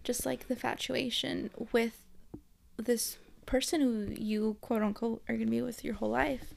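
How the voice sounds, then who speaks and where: A young woman in casual chat, talking in a drawn-out way with many "like"s. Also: on the high side, little pitch movement, vocal fry, a little hiss or hum. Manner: drawn-out, says "like" a lot. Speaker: podcast co-host.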